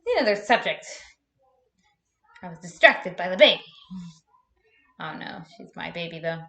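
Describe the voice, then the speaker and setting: A woman's voice: lowish voice, animated, normal speed, vocal fry, sharp tone. A young woman chatting casually on a live stream, laughing often and swearing freely.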